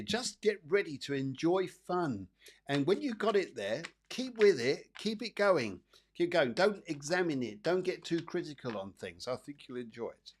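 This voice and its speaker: A man hosts a live psychic reading stream, talking through cards for his viewers. He rambles, repeats his phrases and fills the gaps with ums and ahs. His voice sits in an ordinary middle pitch. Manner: chatty, rambling, repeats phrases, frequent fillers. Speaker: psychic medium host.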